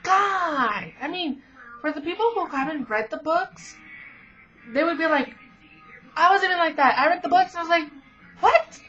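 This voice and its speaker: A woman's voice: very high-pitched, fairly quick, long pauses, sharp tone, faint music behind. A teenage girl vlogger rambling in casual chat, gushing with lots of fillers. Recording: dull lo-fi webcam audio.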